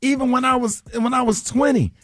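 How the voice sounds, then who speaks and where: A man hosting a morning radio show, animated and repeating himself as he fires questions at his co-hosts. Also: very high voice, a little fast, no echo, soft background music. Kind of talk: lively radio banter.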